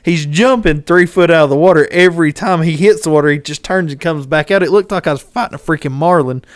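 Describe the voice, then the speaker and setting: A man, hosting a podcast and telling a fishing story in casual chat, animated and acting out what people shouted. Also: a little high, fast, dry recording, studio quality. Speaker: podcast host.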